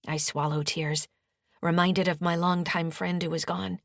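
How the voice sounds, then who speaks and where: A woman author narrating her own audiobook in the first person, with a steady storytelling delivery. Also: on the low side, a little slow, gravelly, no echo, studio quality.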